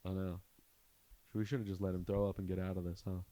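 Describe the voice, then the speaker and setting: A man's voice: low voice, fast talker, no echo. A young adult man, a comedian hosting a podcast, telling a rambling story in casual chat and acting out the people in it. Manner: rambling, animated storyteller who acts out quotes.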